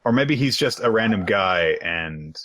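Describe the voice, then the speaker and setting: Man co-host, lower voice, bright and expressive, recaps manga with quick put-on voices. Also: no echo. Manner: animated, acts out characters in jokey voices, swears. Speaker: podcast co-host. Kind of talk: casual chat recapping manga.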